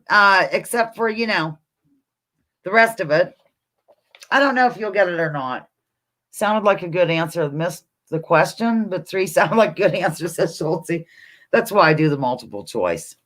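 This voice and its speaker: Woman, home live-stream quiz host, lively up-and-down delivery, chatty with viewers. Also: lowish voice, unhurried. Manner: chatty, reads viewer comments aloud, talks to her dog between questions. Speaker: livestream host. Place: home, indoors.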